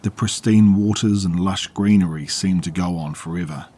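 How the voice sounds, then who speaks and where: A man narrating a horror story in a calm, measured way. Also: low-pitched, a little hiss or hum.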